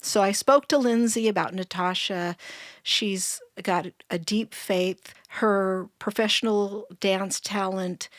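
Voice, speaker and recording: A middle-aged woman telling her story in a casual chat, earnest and warm, laughing often. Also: medium pitch, steady tone, slow pace, no echo, studio quality. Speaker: storyteller guest.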